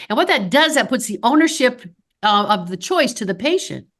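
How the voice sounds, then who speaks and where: A woman's voice: mid-range voice, fairly quick. A woman in her fifties, a dental practice consultant, giving a podcast interview and acting out quoted dialogue as she tells stories. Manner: animated storyteller who acts out quoted dialogue.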